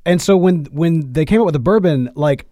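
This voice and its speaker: A man's voice: on the high side, normal speed, mellow, no echo. A man from Mississippi, co-hosting a casual podcast chat and gushing with enthusiasm in a small home studio. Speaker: podcast co-host.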